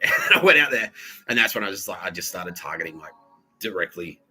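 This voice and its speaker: A man's voice: deep voice, big pitch swings, brisk, pushed and bright, breathy edge, soft background music, low-quality recording. A young Australian man hosting a podcast, rambling through a profane monologue, laughing often and doing voices for the people he quotes. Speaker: podcast host.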